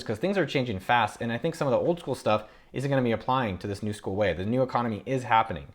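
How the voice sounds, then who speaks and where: A man's voice: mid-range voice, quick pace, hardly any pauses. A man in his thirties, an entrepreneur hosting a casual talk to camera from his home office, running through a list of ideas with upbeat enthusiasm. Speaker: entrepreneur and YouTube host.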